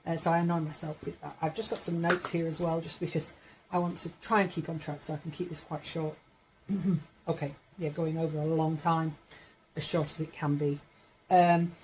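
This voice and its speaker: This woman in her forties, from Yorkshire, England, is a vlogger chatting casually to camera. Her voice is fairly low, the audio is poor with a little hiss or hum, and she rambles, correcting herself as she goes.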